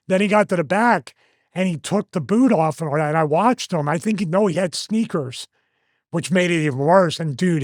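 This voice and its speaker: A man in his fifties, a show host, telling a story in a casual, animated way and acting out the lines he quotes. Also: high-pitched, no echo, clean studio sound. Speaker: host, former wrestler.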